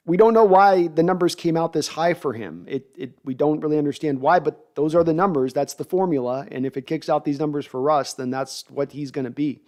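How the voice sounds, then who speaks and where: A middle-aged man hosting a live sports draft stream, reading viewer comments and talking in an animated, rambling way. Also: on the high side. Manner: animated, hyped, rambling with restarts.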